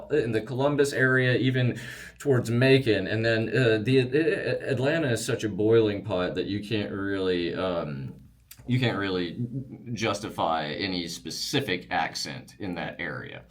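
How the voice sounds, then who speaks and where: A man's voice: fairly low pitch, a little slow. A man from the Wiregrass region of Alabama with a Southern drawl, casually explaining regional accents with frequent fillers and restarts.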